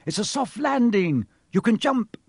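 A man voicing a brave, steady young boy in a storybook reading. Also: high voice, unhurried, breathy edge, no room sound, studio quality, voice pushed up, full character voice. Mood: urgent.

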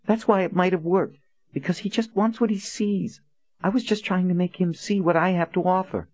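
A man putting on a jealous, scheming young woman in an audiobook, sharply raised and shrill, accusing and defiant. The sound is dry and a little dull. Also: steady tone, moderate pace, darkish tone, dry recording. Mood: pleading. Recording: dull lo-fi recording.

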